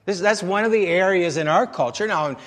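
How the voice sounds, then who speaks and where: A man's voice: high-pitched, fairly quick, a bit bright, in a large hall. A man preaching a sermon in a conversational way, putting rhetorical questions to the congregation. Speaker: pastor.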